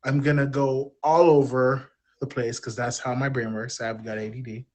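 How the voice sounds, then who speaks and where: A man's voice: mid-range voice, flat delivery, normal speed, darkish tone. Candid man telling a personal story. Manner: open, self-deprecating, rambling. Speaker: podcast guest.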